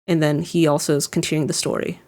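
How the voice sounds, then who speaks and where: A woman's voice: sits low, flat delivery, quick pace, darkish tone. A woman giving casual reaction commentary on an anime episode, rambling with lots of fillers and restarts. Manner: rambling, lots of "like" and restarts, chuckles while describing scenes.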